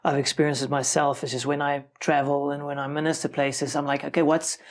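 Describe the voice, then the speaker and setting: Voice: mid-range voice, level tone, a little fast. Affirming podcast host in conversation. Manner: affirming, adds to guest's points. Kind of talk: conversational interview.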